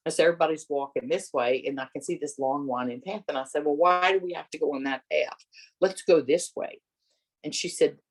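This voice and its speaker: Middle-aged woman, interview guest, expressive storyteller who acts out dialogue. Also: husky. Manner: animated, acts out voices with big pitch jumps and laughter.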